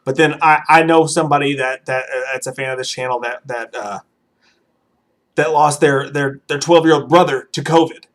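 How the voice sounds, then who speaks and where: A man's voice: mid-range voice, fairly even intonation, normal speed, fairly bright tone. A man co-hosting a movie livestream, talking in a rambling, impassioned way, swearing often and then apologizing. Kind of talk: profane livestream chat.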